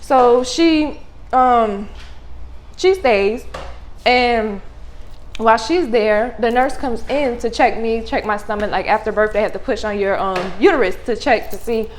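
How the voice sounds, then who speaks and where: A young adult woman telling a story to her vlog audience in a casual, animated, blunt way, full of slang and swearing. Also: on the high side, measured pace, a little hiss or hum, rough recording. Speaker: vlogger.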